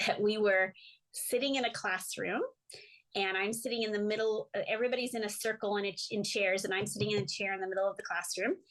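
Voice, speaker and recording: An American woman, a guest artist, telling stories in a casual interview, acting out quotes and laughing often. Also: medium pitch. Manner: animated storyteller, acts out quotes, laughs often.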